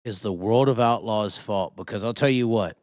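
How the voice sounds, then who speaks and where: A man's voice: on the low side, moderate pace, a little mellow, no room sound, studio quality. A man hosting a live talk show, ranting heatedly with constant swearing and rhetorical questions. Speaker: host. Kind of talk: profane live-stream rant.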